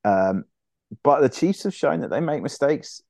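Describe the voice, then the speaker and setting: A man's voice: medium pitch, animated, unhurried, vocal fry, a little mellow, no room sound, clean studio sound. A man, co-hosting a casual sports podcast, rambling with frequent restarts and swearing. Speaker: podcast co-host.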